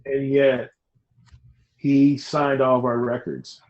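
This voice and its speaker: A middle-aged man, a designer as interview guest, talking in an animated, rambling, emphatic way. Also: mid-range voice, slow, dull audio. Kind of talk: casual interview talk.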